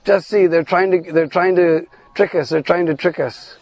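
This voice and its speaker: A man voicing a jumpy, excitable young cowherd boy who repeats himself in alarm, with a gravelly edge. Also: high voice, normal speed.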